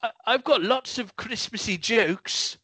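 A man putting on a jolly, bumbling old Father Christmas with a booming ho-ho laugh for a comedy podcast skit. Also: a little slow, pushed and bright, husky, dry recording, heavily acted. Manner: bumbling, playful.

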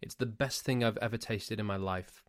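On his solo podcast, a host from Cheshire, England talks casually in an English accent, rambling, pedantic and given to ranting asides. His voice sits on the low side, steady and at a moderate pace, in a dry studio-quality recording.

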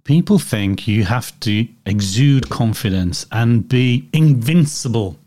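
A man hosting a casual interview, chiming in with relaxed, agreeable remarks. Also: medium pitch, slow pace. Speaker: interview host.

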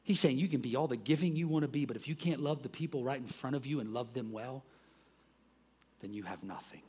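A man preaching a sermon as pastor, talking conversationally, breaking into loud emphatic bursts, dropping into quiet asides and joking about himself. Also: medium pitch, a little fast, slightly rough. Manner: self-deprecating joking.

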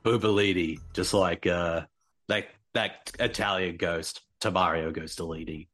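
Man doing a mock-Australian tough guy, very deep voice, boastful, goofy. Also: steady tone, measured pace, fairly bright tone, faint music behind. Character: joking impression of a famous Australian actor, male, boastful.

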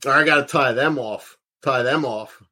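A man who was once a pro wrestler, hosting a podcast in casual chat, swearing and retelling events in lively detail. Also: mid-range voice, moderate pace.

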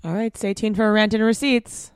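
A woman co-hosting a podcast, talking in a measured, reflective way with lots of "like". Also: medium pitch, fairly even intonation, heavy background noise. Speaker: podcast co-host. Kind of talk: casual podcast chat.

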